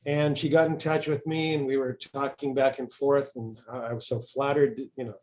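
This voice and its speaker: A man's voice: mid-range voice, flat delivery, fairly quick, darkish tone. A man, an author being interviewed, talking casually and telling stories with frequent restarts and fillers. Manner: rambling storyteller, frequent restarts.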